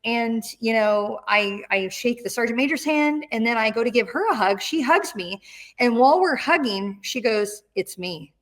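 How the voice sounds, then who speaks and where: A middle-aged woman tells a story in an interview. She talks in an animated way and acts out the voices of the people she quotes. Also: fairly high pitch, moderate pace. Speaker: interview guest, retired Marine.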